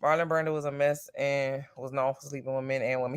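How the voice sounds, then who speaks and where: A vlogger and parent in casual chat to the camera, slangy and chatty, jumping up high in pitch for emphasis. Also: flat delivery, quick pace, clean tone.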